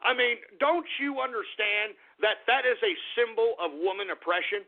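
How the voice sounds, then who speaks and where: A man's voice: sits high, lively intonation, normal speed. A man hosting a talk radio show, ranting bluntly and swearing often. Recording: tinny phone-line radio audio.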